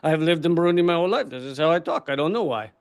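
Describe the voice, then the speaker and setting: A man's voice: on the high side, expressive, rapid-fire, smooth, pitched below the performer's own voice. A man voicing an earnest, puzzled poor village man who speaks in a put-on accent. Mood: bewildered.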